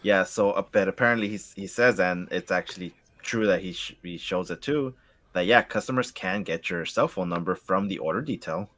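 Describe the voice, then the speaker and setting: Male co-host, low voice, dry close mic, halting and searching for words. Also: fairly bright tone, no room sound. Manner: hesitant, many fillers and restarts. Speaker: livestream co-host. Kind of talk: casual livestream chat.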